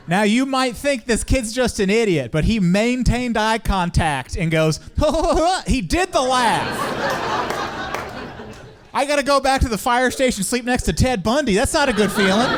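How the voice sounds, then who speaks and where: A man doing a stand-up comedy set about emergency medical work, talking deadpan and dropping low for the people he quotes. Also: background noise. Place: comedy stage with live audience.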